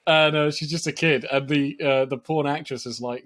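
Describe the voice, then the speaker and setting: A man's voice: fairly high pitch, fairly even intonation, normal speed, a bit bright. A man co-hosting a film podcast in casual chat, laughing often as he retells funny scenes and quotes their lines. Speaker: podcast co-host.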